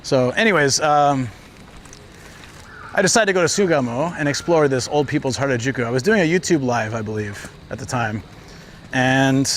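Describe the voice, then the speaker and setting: A man chatting casually to viewers as he walks outdoors, with a slightly higher voice. He rambles through stories with plenty of fillers and restarts. Faint traffic and city noise sit behind him, picked up by a streaming camera. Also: fairly bright tone. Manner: rambling storytelling with frequent fillers. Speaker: livestreamer. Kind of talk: casual walking livestream chat. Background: traffic and city ambience.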